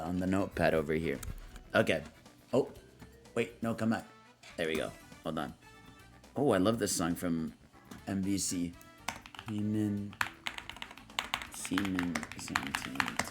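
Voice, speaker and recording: A young man streams live, reading out chat prompts and rambling through slangy, laughing small talk, putting on voices for the characters he quotes. His voice is fairly low with a darkish tone.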